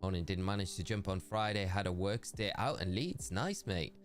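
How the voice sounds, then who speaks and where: A man's voice: low-pitched, moderate pace, faint music behind. A young man streaming a game, chatting casually and in a friendly way with viewers and calling them "mate". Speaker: gaming streamer. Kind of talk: casual live-stream chat.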